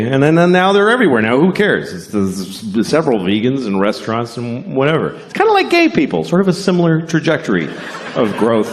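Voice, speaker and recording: A man doing a stand-up comedy set, delivering deadpan and acting out voices. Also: mid-range voice, fast. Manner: deadpan, acts out voices in quotes. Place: theater stage before a live audience. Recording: live show with crowd noise and laughter.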